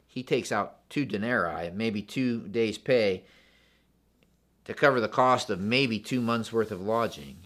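A man's voice: medium pitch, fairly bright tone. A man preaching a sermon in a church, earnest and repetitive, often asking the congregation questions. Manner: earnest, asks the congregation questions, repeats phrases. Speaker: pastor.

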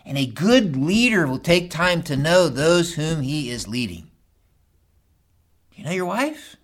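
A middle-aged pastor preaching a sermon, talking straight to the men in the congregation and swinging between loud urging and hushed asides. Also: male voice, fairly high pitch, big pitch swings, measured pace. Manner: talks straight to the men in the crowd.

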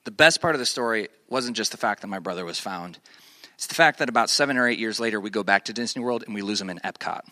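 A young man tells a family story in a casual, animated way, acting out the voices of the people in it. His voice is bright and forceful, recorded close and dry with no room sound. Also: fairly low pitch, quick pace, dry recording. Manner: animated storyteller, acts out quoted voices, many fillers.

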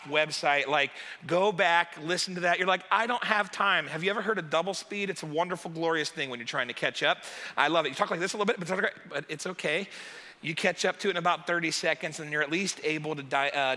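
A man who is one of the pastors, giving a casual, joking sermon in a church auditorium. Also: on the high side. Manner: chatty, joking, animated asides. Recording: long hall reverb.

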